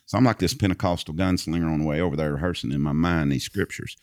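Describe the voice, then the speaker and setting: Deep-voiced man telling a vivid story. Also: fast talker, gravelly, dry recording, clean studio sound. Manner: vivid storyteller who recites scripture from memory. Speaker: guest telling a personal story. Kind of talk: casual storytelling conversation.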